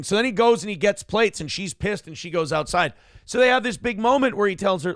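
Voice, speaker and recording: This morning-show host has a gravelly, fairly high voice. He recounts stories with loose, swearing energy, and the sound is dry and close. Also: quick pace, dry recording. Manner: animated storyteller, swears freely. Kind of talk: casual profane chat.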